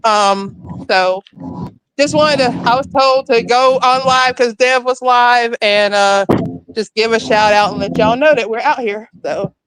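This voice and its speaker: Breathless, bright-voiced woman calling in outdoors. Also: fairly high pitch, measured pace, slight background noise, low-quality recording. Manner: chatty, apologetic, laughing. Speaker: volunteer calling in to a live panel. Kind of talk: off-the-cuff live update. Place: outdoors at a school grounds in summer heat.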